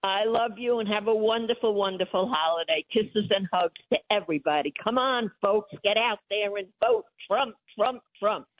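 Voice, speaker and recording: A woman's voice: mid-range voice, moderate pace, few pauses, no room sound. An older woman, calling in as the host's mother, talking in an effusive, emotional and pleading way. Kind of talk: phone-in chat. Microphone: phone. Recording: tinny phone line.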